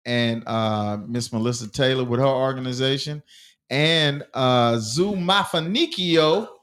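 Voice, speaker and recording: A man's voice: medium pitch, unhurried, a bit bright. A man co-hosting a casual sports podcast, laid-back and rambling, with many fillers. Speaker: podcast co-host.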